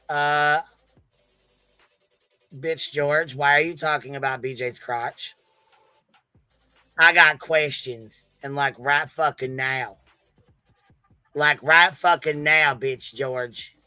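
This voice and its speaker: A man on a livestream panel giving crude, profane commentary, laughing and acting loudly disgusted. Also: a little high, fairly even intonation, slow, long pauses, smooth, no echo, soft background music.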